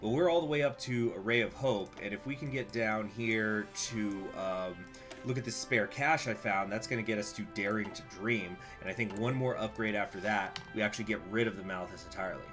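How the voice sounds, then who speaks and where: A man's voice: fairly low pitch, brisk, over music. A man casually commenting on a strategy game as he plays, reading events aloud with laughing asides. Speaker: game streamer.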